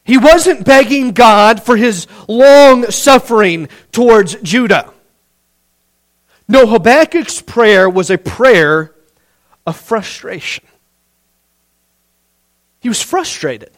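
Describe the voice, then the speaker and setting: A man's voice: very high-pitched, lively intonation, slow, pauses often. A man preaching a sermon, earnest, often repeating words as he builds a point and voicing pleading prayers.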